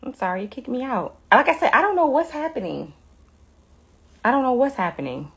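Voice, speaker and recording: Chatty woman with a lively voice. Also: high voice, fairly quick, vocal fry, breathy edge. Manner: laughs often, apologetic and chatty. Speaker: finance livestream host. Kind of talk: casual live Q&A chat.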